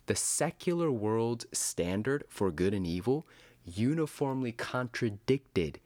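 Emphatic, sarcastic male commentator, lively delivery, dry recording. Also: medium pitch, no room sound. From United States. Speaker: Christian commentator. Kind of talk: scripted commentary.

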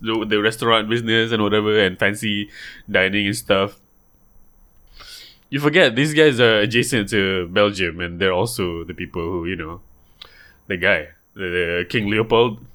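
A man's voice: lowish voice, a bit bright. A man guest-hosting a podcast, joking and laughing through loose comedic rants. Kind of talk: casual comedic podcast banter.

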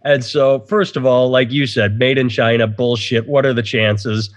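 A man's voice: medium pitch, fairly even intonation, moderate pace. A man hosting a casual podcast, rambling opinionatedly and swearing freely. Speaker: podcast host. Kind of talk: casual chat.

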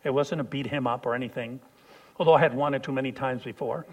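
A man preaching a sermon, telling a personal story and swinging from hushed lines to loud shouts. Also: mid-range voice, moderate pace, long pauses, husky.

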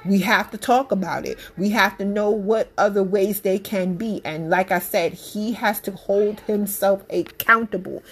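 A woman's voice: mid-range voice, fairly even intonation, measured pace, hardly any pauses, husky. A woman, a mother, giving her opinion in a casual monologue, emphatic and blunt, repeating her points with passion. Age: adult parent.

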